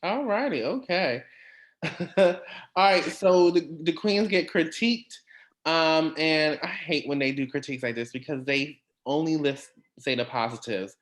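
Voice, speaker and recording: A man hosting a casual recap chat, talking in a chatty, animated way with quick asides and laughs. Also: a little high. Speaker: podcast host.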